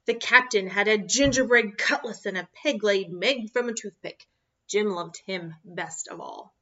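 A woman reads a children's storybook aloud slowly and expressively, with a bright, fairly high voice. The recording has a dull, lo-fi sound. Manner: expressive, slow, animated. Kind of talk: reading a picture book aloud.

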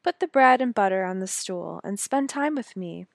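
A woman voicing a sly, hungry male wolf who softens and hushes his voice to trick a girl. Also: medium pitch, lively intonation, normal speed, vocal fry, no room sound, studio quality. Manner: soft wheedling whisper.

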